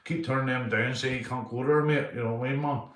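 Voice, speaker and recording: On a live stream, a man with a medium-pitched, steady voice chats loosely and fast, reading out viewers' names. He swears a lot, keeps saying "mate," and the sound is roomy.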